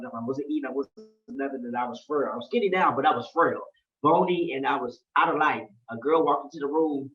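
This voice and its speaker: A man's voice: a little high, a bit bright. A man giving an emotional personal testimony, earnest and repetitive, often quoting other people in his story. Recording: roomy, distant, dull-sounding.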